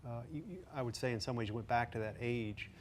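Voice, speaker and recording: A man's voice: mid-range voice, fast. A man co-hosting a talk show, asking a guest direct questions and reflecting back what he observed.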